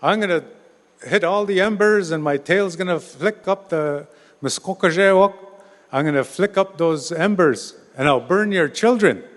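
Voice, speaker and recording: A storyteller putting on a tricky male snapping turtle from an oral folk tale, pitched well above a plain speaking voice and begging not to be thrown in. Long hall reverb hangs on each line. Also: normal speed, lightly acted. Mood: sly pleading. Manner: high, pleading, sly.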